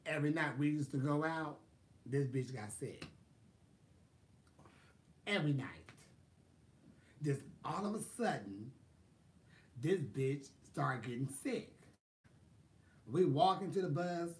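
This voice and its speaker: A man telling stories in a casual vlog, sassy and animated, laughing often. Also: a little high, slow, long pauses. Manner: sassy, animated, laughs often, quotes people in exaggerated voices. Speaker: vlogger. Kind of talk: casual storytelling chat.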